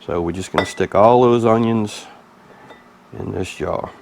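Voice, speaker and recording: A man with a Mississippi Southern accent hosts a relaxed cooking vlog. His voice sits a bit low, and his folksy, easygoing manner keeps the chat loose and friendly. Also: measured pace, vocal fry, a little hiss or hum. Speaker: cooking channel host.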